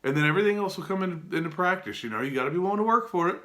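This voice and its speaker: A man's voice: high-pitched, lively intonation, rapid-fire, bright, forceful tone. A man giving an earnest, casual motivational talk to his viewers, often restarting and asking them direct questions. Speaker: self-help vlogger.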